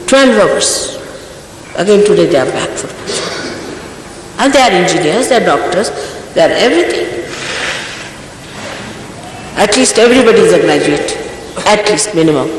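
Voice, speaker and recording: A woman's voice: fairly low pitch, expressive, normal speed, long pauses, background noise. An older woman, a spiritual teacher, giving an emphatic, scolding talk to her followers, full of rhetorical questions. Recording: echoey hall, archival recording.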